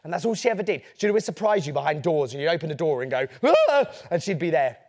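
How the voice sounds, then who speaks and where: A man's voice: fairly high pitch, very fast, a little mellow. A man, a children's author telling a playful, theatrical story to a young audience. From England.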